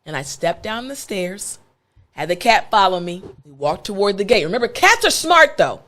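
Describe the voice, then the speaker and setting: American woman, English teacher, animated storyteller, mid-pitched, expressive rise and fall. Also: normal speed. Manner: animated, playful, conversational. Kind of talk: storytelling lesson.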